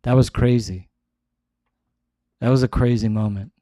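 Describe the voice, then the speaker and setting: A man's voice: mid-range voice, steady tone, measured pace, warm tone, no echo. A man hosting his show, talking in a casual, rambling monologue full of restarts. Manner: rambling, restarts often, many "like"s. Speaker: show host.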